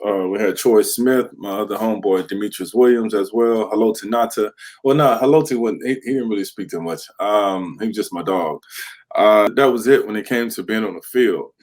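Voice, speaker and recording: A man's voice: on the low side, a little mellow. A man in his thirties, a former pro football player, tells stories in a candid podcast interview and acts out the teammates he quotes.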